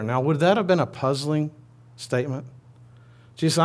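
A man's voice: a little high, moderate pace. A man preaching a sermon, retelling a story in a conversational way with asides.

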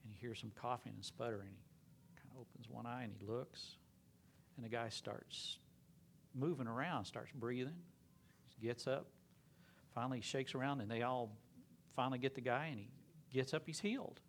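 A man preaching a sermon, telling a story earnestly and sometimes dropping to a hush. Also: mid-range voice, normal speed, gravelly, pauses often, a little hiss or hum. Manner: earnest, dropping to a hushed whisper at emotional moments.

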